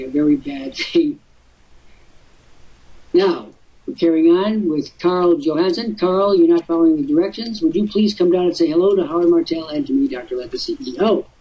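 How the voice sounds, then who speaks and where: A man's voice: fairly high pitch, far from the mic. An older man hosting a live webcast talk show, telling stories expansively with theatrical asides. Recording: husky voice from off-mic, muffled lo-fi audio.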